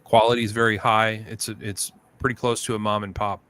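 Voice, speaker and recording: A man with a fairly low, level voice talks a little fast, his tone clean and slightly bright. He's hosting a livestream and chatting casually, spinning easygoing stories and acting out the quotes.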